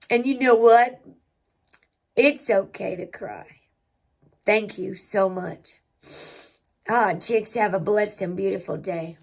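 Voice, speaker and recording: A woman hosting a spiritual healing livestream, talking slowly and reflectively with her viewers. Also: medium pitch, creaky. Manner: slow, reflective, talks to chat and to herself. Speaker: spiritual healing channel host.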